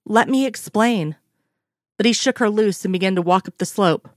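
A woman reading a romance story aloud in a steady, unhurried way. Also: medium pitch, no echo, clean studio sound. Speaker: reader. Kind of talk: fan fiction read aloud.

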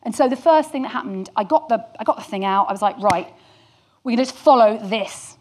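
A woman's voice: a little high, lively intonation, brisk, darkish tone. A woman candidly telling a work anecdote to an audience, with some swearing and self-deprecating humour. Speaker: storyteller guest.

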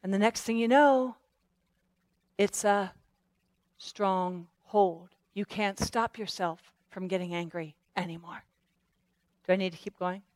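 A woman's voice: mid-range voice, slow, pauses often, no room sound. A woman preacher delivering an impassioned sermon, repeating phrases and restarting as she goes. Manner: impassioned, repetitive, stumbling restarts.

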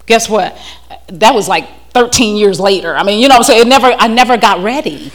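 A woman's voice: mid-range voice, lively intonation, brisk. A woman telling a frank, humorous church testimony into a handheld mic to a live audience. She often laughs and repeats words as she restarts her sentences. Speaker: speaker giving a personal testimony. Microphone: handheld microphone.

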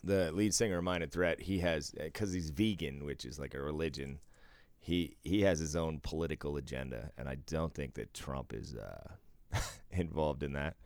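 A man's voice: extremely low pitch, moderate pace, darkish tone, no echo. A middle-aged man co-hosting a casual podcast chat, laid-back, swearing freely and laughing often. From eastern US. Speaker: podcast co-host.

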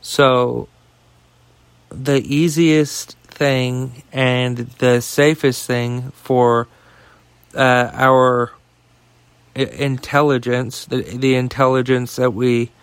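A man's voice: mid-range voice, flat delivery, extremely slow, clean tone, no echo. A man hosting a solo podcast, ranting in a heated, profane and rambling way, full of fillers and restarts. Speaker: podcast host.

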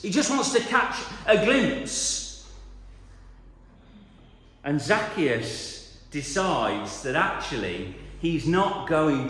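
A man's voice: fairly high pitch, a bit bright. A man preaching a conversational sermon in a church hall, with joking asides to the congregation. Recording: echoey hall, reverberant.

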